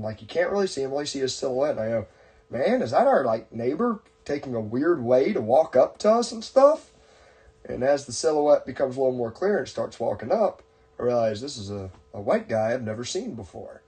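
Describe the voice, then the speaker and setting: A man with a mid-range voice tells a long story in relaxed podcast chat. He rambles and circles back, with lots of "uh" and "like" and restarted sentences. His tone stays easygoing and conversational. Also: mid-range voice. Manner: rambling, with many fillers and restarts. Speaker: podcast host.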